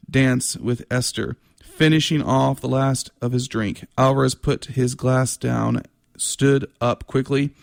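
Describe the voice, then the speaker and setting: A man, the author, reading aloud from his own novel in a measured way, now and then stumbling and restarting a word. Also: mid-range voice, vocal fry, no room sound, clean studio sound.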